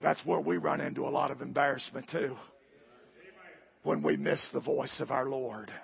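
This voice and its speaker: Gravelly preacher, folksy storytelling. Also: male voice, medium pitch, steady tone, moderate pace, lo-fi sound. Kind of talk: storytelling sermon. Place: church.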